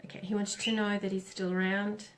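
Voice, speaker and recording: A middle-aged woman doing a live oracle reading, speaking gently with pauses and self-corrections. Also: mid-range voice, flat delivery, noisy background. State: tearful. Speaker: psychic reader on a live stream.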